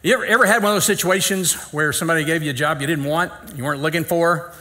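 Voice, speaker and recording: A man's voice: on the high side, rapid-fire, sharp tone. A middle-aged man, preaching and telling a folksy, funny story, acting out the dialogue. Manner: folksy, acts out dialogue, self-deprecating humor. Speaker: pastor. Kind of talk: sermon storytelling.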